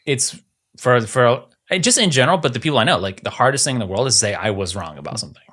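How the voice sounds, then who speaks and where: A man's voice: medium pitch, lively intonation, a bit bright. Laid-back male podcast co-host. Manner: laid-back, chatty, lots of fillers and quick laughs. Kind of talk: casual chat.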